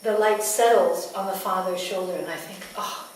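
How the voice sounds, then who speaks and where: A midwife telling a story to a live audience, speaking slowly and intimately, often sinking to near whispers. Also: female voice, fairly low pitch, steady tone, darkish tone. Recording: echoey room, distant mic, ambient noise.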